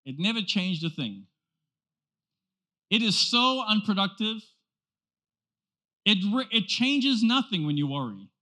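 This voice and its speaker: A male pastor delivering a sermon with a high voice that sounds bright and forceful. He preaches emphatically and builds his points through rhetorical questions and repeated phrases.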